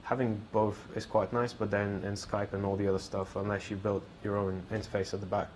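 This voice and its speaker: A man's voice: on the low side, level tone, a little fast, darkish tone, slight background noise, poor audio. A man on a panel telling a casual story from his company's experience. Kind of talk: panel discussion. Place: meetup event room.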